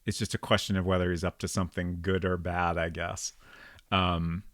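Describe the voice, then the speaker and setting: A low-pitched man narrates his stream of an old detective game in a flat, normal-speed delivery. His tone is a bit bright and the sound is echo-free as he muses casually, filling gaps with ums while working out the puzzle.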